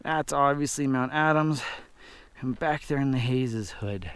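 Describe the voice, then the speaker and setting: A man filming himself on a high mountain trail, chatting casually to an action camera and pointing out landmarks as he walks. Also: a little slow, a bit bright, clean tone, no echo. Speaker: hiker filming his trip.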